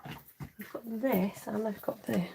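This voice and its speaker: A woman's voice: a little high, fairly even intonation, slow pace, gravelly, mellow, a little hiss or hum, poor audio. A middle-aged woman chatting through a live craft tutorial, laughing often and answering viewers as she works. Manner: chatty, laughing, reads viewer comments aloud. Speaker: stamping craft demonstrator.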